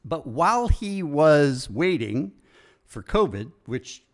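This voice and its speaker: A man in casual chat who teases his co-host and then tells a story of his own in a relaxed way. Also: on the high side, slow pace. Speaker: podcast co-host.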